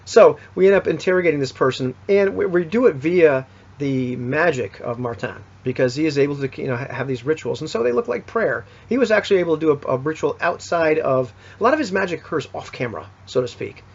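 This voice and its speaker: A man's voice: a little high, lively intonation, a little fast, gravelly, slightly rough. A man recapping a tabletop game session in a rambling, casual way, full of fillers and restarts. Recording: dull lo-fi recording.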